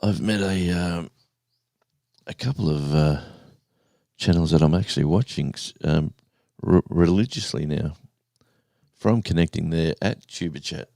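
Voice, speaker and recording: A man in his sixties, hosting a casual live stream, rambling and halting as he reads out the viewers' chat. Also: low-pitched, creaky, dark tone, no room sound, clean studio sound. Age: 60s. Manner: rambling, halting, with many restarts and fillers.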